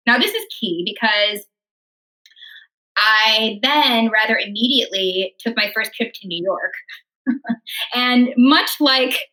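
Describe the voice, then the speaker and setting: A woman's voice: fairly high pitch, slow pace, long pauses, pushed and bright, low-quality recording. A young woman, an opera singer from Illinois, telling her life story casually in an interview, acting out her past thoughts and laughing often. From Illinois, United States.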